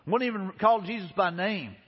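A man's voice: high-pitched, expressive, normal speed, husky. A male pastor giving an earnest, conversational sermon with repeated phrases, speaking to a congregation. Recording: dull, echoey hall recording.

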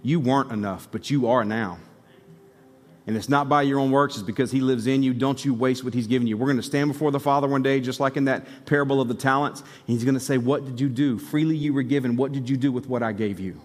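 A male pastor preaching a sermon, telling a story and building to excited exhortation. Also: medium pitch, fast, big-room sound.

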